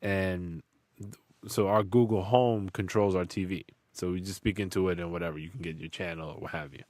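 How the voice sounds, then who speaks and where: A man with a fairly low voice hosts a podcast in easygoing, slangy chat. The sound is dry and close. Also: steady tone, brisk, a little mellow, no echo. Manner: easygoing, slangy, introduces guests. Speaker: podcast host. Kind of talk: casual chat.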